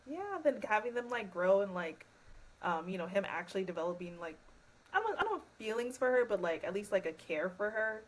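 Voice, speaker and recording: A woman's voice: medium pitch, very animated, brisk, low-quality recording. A woman guest on a podcast, chatting casually and enthusiastically with frequent fillers.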